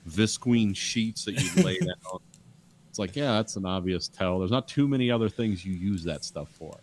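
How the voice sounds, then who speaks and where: Rambling low-voiced man chatting. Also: expressive, normal speed, noisy background. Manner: rambling, many restarts, acts out quotes. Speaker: podcast co-host. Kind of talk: casual chat.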